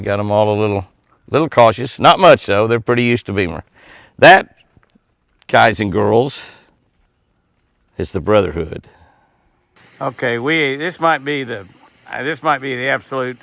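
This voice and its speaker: A middle-aged man, rambling in a casual vlog from a deer pen, repeating himself and softly coaxing the animals. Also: on the low side, clear, resonant tone, no room sound. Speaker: deer rancher.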